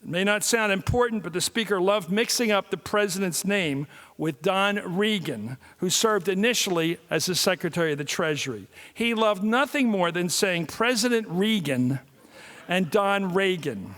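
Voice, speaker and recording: A man in his sixties giving a public lecture, telling stories and jokes in an animated way. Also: high-pitched, moderate pace. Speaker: guest speaker. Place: large hall. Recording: long reverb of a large hall.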